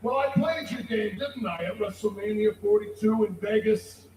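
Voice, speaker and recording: Menacing man shouting in echoey arena. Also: sits high, distant mic, a little hiss or hum. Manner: menacing, deliberate, bursts into shouts. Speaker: pro wrestler. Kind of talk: arena promo.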